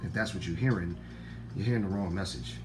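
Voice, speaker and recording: This online talk host talks fast, his deep voice carrying a Black speech style as he gives viewers a casual, sermon-like monologue against background noise. He swears freely, repeats lines to drive them home, and lurches from loud outbursts to quiet murmurs.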